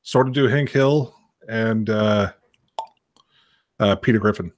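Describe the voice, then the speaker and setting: A man's voice: lowish voice, slow pace, no echo. Wry man with dry one-liners. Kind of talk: casual livestream chat.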